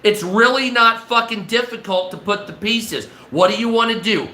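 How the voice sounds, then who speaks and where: High-voiced man ranting on a livestream. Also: normal speed, pushed and bright, reverberant. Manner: profane, rambling, acts out imagined dialogue. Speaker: livestream host. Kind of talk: casual rambling monologue.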